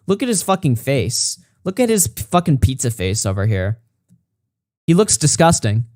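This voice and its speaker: A man's voice: medium pitch, big pitch swings, moderate pace, a little mellow, no room sound, clean studio sound. Mocking, foul-mouthed male streamer. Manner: mocking, sarcastic, heavy swearing. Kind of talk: profane reaction commentary.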